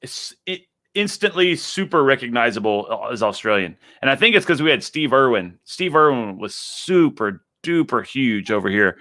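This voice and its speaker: A man's voice: mid-range voice, sing-song, moderate pace, bright, forceful tone. A man with a Texan accent chatting casually on a headset, an enthusiastic, drawling storyteller. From Texas. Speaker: guest. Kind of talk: casual chat.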